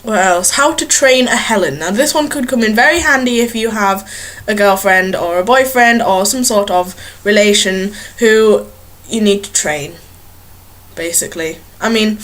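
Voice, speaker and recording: A woman's voice: mid-range voice, expressive, moderate pace, fairly bright tone. A young woman chatting casually to a webcam in a small bedroom, rambling and giggling at herself. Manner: rambling, giggly, self-mocking. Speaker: vlogger. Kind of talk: casual chat to camera.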